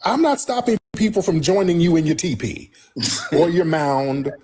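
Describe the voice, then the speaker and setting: A man's voice: fairly high pitch, lively intonation, normal speed, warm tone, slightly rough. A man streaming a ranting commentary, exasperated and mocking, with sighs.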